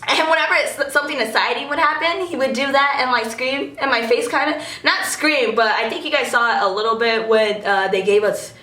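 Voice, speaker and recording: A young woman chatting excitedly to her viewers in a storytime vlog, animated and giggly with lots of fillers. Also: high-pitched, a little fast, hardly any pauses, roomy sound, slight background noise. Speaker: vlogger.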